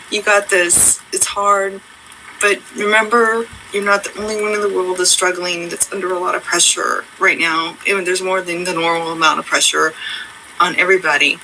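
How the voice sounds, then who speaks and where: A woman's voice: fairly low pitch, steady tone, moderate pace, bright, forceful tone, slight background noise, poor audio. A woman talking straight to her viewers in a rambling, heartfelt pep talk, earnest and reassuring, repeating herself and using many fillers. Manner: conversational storytelling. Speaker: vlogger.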